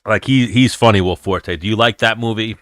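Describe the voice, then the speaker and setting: A man's voice: fairly low pitch, fairly quick, fairly bright tone, no echo, studio quality. A young man hosting a livestream, chatting loosely and rambling with a lot of profanity. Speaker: livestream host. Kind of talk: casual chat with live chat.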